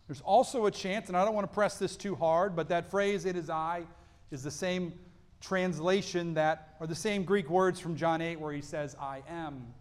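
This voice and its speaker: A man preaching a sermon as pastor, reading scripture and explaining it earnestly, rising to emphatic peaks and dropping to quiet lows. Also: steady tone, normal speed. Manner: reads scripture aloud, then explains it.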